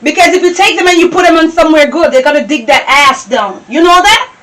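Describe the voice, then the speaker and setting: A woman with a Jamaican accent playing a domineering, scornful wife who scolds her husband and her maid, often breaking into shouts. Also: high voice, fast, poor audio. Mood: scolding. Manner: scolding, cutting, bursts into shouts. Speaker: actor in a Jamaican stage-style movie.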